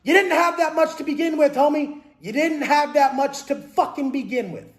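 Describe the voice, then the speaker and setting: A man's voice: very high voice, moderate pace. A man, a fitness and mindset coach, talking bluntly and profanely about life in prison, with hard emphatic delivery. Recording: roomy echo.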